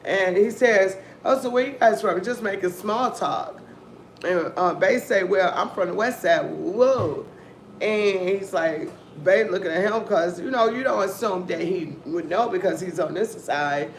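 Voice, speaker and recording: A woman hosting a casual commentary stream, telling stories in a rambling, profane, animated way. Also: lowish voice, a little slow. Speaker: host of a news-and-commentary stream. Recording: echoey room, faint background noise.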